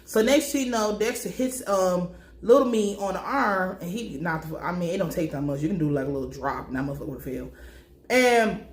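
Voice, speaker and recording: A woman giving a casual, blunt and profane recap of a TV episode, telling it in an animated way. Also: lowish voice, a little fast, echoey room. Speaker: TV recap commentator.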